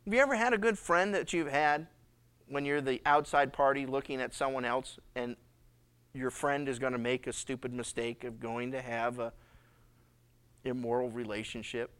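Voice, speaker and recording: A man preaching a sermon as a pastor, telling Bible stories lively and acting out the characters, often repeating and restarting his words. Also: mid-range voice, moderate pace, clear, resonant tone.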